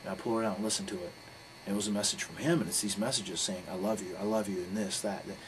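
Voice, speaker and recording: A man recounts a story in a candid interview, blunt and profane, rambling from one detail to the next. He talks quickly in a lowish voice. Steady background noise sits under the recording. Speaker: interview guest, pro wrestler.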